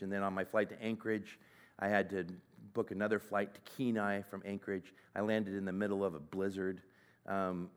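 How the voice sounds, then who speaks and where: Man in his 40s, low smooth voice, conversational conference speaker with a halting delivery. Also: fairly bright tone. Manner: conversational, halting, with frequent fillers. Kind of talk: personal storytelling talk.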